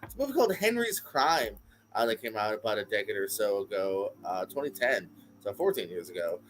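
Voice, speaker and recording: A man's voice: lowish voice, very animated, brisk, a bit bright, a little hiss or hum. A man co-hosting a live show, chatting casually and agreeably about movie ratings. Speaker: podcast co-host. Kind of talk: casual live-stream chat.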